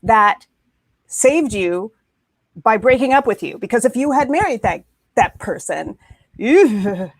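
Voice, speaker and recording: A woman's voice: fairly high pitch, expressive, unhurried, slight background noise. A woman on a panel, talking with emphasis and repeating words for stress, heard over a video call. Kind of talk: animated panel discussion.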